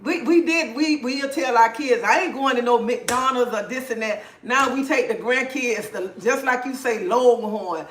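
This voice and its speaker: Older lady on a live stream, kinda high voice, acting out convos, echoey room. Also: moderate pace, hardly any pauses, a little hiss or hum. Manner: animated storytelling with quoted dialogue. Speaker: livestream host. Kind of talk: casual chat.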